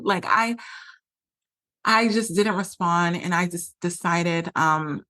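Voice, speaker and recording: A woman's voice: lowish voice, a little slow, sharp tone. A woman podcast host telling a personal story in a candid, emotional way, with lots of "like" fillers. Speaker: podcast host and relationship coach.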